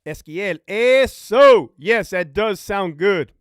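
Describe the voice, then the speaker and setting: A man's voice: sits high, animated, takes it slowly, no echo, clean studio sound. A man hosting a casual livestream, talking profanely and reading out viewer comments. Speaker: livestream host, former prison officer.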